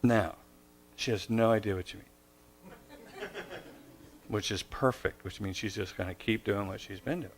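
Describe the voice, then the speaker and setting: A middle-aged man giving parenting advice as a story, acting out both sides of a conversation and jumping into a high voice for a child's lines. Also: big pitch swings, unhurried, pauses often. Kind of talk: storytelling talk.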